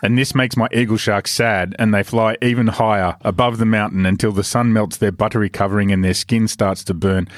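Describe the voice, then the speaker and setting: A man voicing a vain racing legend in comic letter form, low-pitched, dry, pompous and broken in phrasing. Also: no room sound, close to an everyday voice. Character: vain male racing legend with mangled grand English. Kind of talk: comic letter reading in a podcast.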